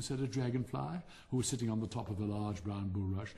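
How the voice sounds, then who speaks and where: An older man narrating a classic storybook audiobook in a measured, theatrical way. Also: fairly low pitch, vocal fry, dark tone.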